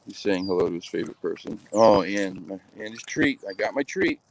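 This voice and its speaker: A man's voice: sits low, expressive, brisk, creaky, a little hiss or hum, rough recording. A man chatting casually to his viewers in a rambling, hesitant way, full of fillers. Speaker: cryptid vlogger.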